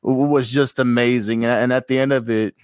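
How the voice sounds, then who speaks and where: A man chats on a podcast in an easy, storytelling way. His voice sits in a middle pitch and the sound is dry and close, with no room around it. He livens up whenever he acts out what someone else said. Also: a little fast, clean tone, no echo. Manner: storytelling, animated when quoting others. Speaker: podcast co-host. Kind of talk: casual podcast chat.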